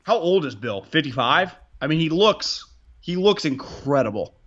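A man's voice: a little high, sing-song, normal speed, fairly bright tone, lo-fi sound. A man hosting a casual sports podcast, rambling and restarting his sentences, with frequent swearing. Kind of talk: casual sports talk with profanity.

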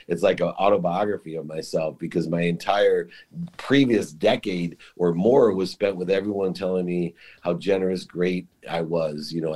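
Deep-voiced middle-aged male guest, confessional and emotional storyteller. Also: darkish tone. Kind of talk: personal storytelling in interview.

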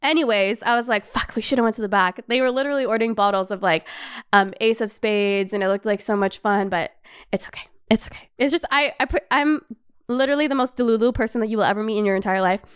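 A young woman hosting a podcast, telling a travel story in a casual, animated way, laughing often and swearing freely. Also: fairly high pitch, fast, clear, resonant tone. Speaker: podcast host.

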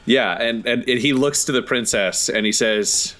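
A man playing a tabletop game, telling what his character does in relaxed talk with fillers. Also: mid-range voice, moderate pace, few pauses. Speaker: player. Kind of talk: in-character play narration.

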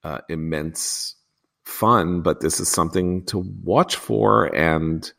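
A man hosting a political podcast, talking in a rambling, animated way that keeps breaking off and restarting. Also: deep voice, slow pace, gravelly. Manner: rambling, animated, self-interrupting. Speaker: podcast host. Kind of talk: political discussion.

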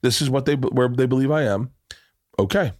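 A man's voice: medium pitch, steady tone, fast talker, darkish tone, no echo, clean studio sound. A man hosting a podcast in casual chat, talking bluntly and joking with lots of swearing. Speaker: podcast host.

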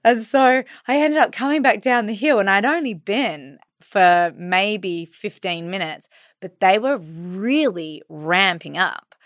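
A woman in her thirties with an Australian accent, co-hosting a podcast and telling a personal story in a casual, animated way. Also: medium pitch, takes it slowly, no room sound, studio quality. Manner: animated, acts out her own quoted words. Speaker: podcast co-host.

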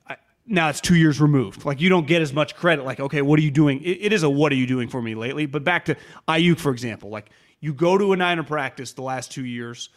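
A man co-hosting a casual sports podcast, talking in an animated way and acting out players' quotes. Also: medium pitch. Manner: animated, quotes players in mock voices, many restarts.

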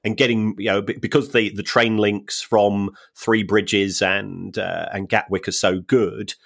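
A man's voice: on the low side, level tone, measured pace, vocal fry. A man co-hosting a football finance podcast, talking casually and drily with frequent hesitations and repeated words. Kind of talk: casual chat.

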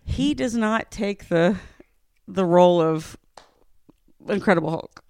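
A woman's voice: on the low side, expressive, slow pace, gravelly, a little mellow, clean tone, dry recording, clean studio sound. A woman co-hosting a comedy podcast, chatting casually, teasing her co-host, laughing often and swearing freely. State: allergies.

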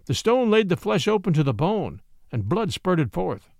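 Male audiobook narrator, expressive, slightly raised pitch, dry booth. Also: moderate pace, vocal fry, no echo. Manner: expressive, lively storytelling.

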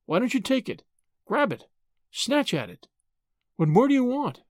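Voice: medium pitch, sing-song, moderate pace, a little mellow, dry recording. Reader doing a snappy frank young woman, flits up and down a lot, dry close sound. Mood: anguished. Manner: snappy, emotional, talks to herself. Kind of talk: audiobook character voice.

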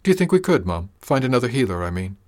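A man's voice: fairly low pitch, a little fast, natural voice. A man doing a shy, earnest young country woman. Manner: hesitant, earnest, rustic speech.

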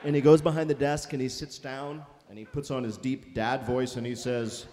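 A man's voice: medium pitch, normal speed, warm tone, slight background noise. A man who is a guest comedian, riffing and acting out playful bits on a live show. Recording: reverberant live venue.

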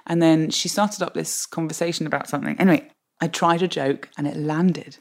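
A woman, a guest on a podcast, telling anecdotes in an animated way and laughing often. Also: low-pitched, fairly quick. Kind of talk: interview anecdote.

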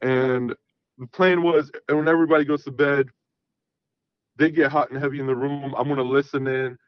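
A man's voice: mid-range voice, fairly even intonation, moderate pace, dry recording. A man telling a long personal story in casual, rambling talk, full of swearing and "I'm like" asides. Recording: dull lo-fi sound.

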